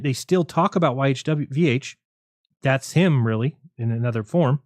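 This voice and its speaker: Male livestream host with a rapid, argumentative monologue and a sarcastic edge. Slightly high voice, dry room. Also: darkish tone, dry recording.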